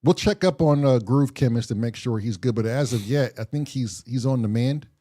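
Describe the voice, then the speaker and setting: A man's voice: mid-range voice, moderate pace, mellow, dry recording, clean studio sound. A man co-hosting a podcast, chiming in with jokes in casual chat. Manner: joking interjections, riffing on the story. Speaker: podcast co-host.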